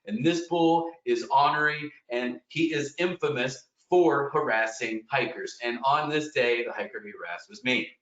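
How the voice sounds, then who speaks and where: A man's voice: mid-range voice, normal speed, hardly any pauses, fairly bright tone, highs cut off. Earnest male guide, distant roomy audio. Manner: earnest, emphatic storyteller with fillers. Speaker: wilderness expedition guide. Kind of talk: storytelling webinar presentation.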